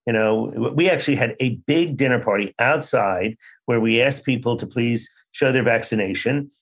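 Older man, animated psychiatrist storyteller. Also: medium pitch, moderate pace. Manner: animated storyteller acting out quoted dialogue. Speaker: child psychiatrist, podcast guest. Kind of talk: conversational interview storytelling.

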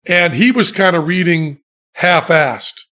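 A man spins a long, self-mocking anecdote in relaxed conversation. His voice sits high for a man and he takes his time, with dry, deadpan timing and his own laughter breaking in. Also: a little slow. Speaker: podcast guest telling stories. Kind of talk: casual storytelling chat.

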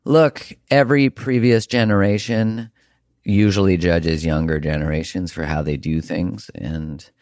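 A man's voice: low-pitched, fairly even intonation, a little slow, darkish tone, no echo, studio quality. A man hosting a podcast, talking earnestly and emphatically in a reflective monologue, with the odd casual swear. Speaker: podcast host.

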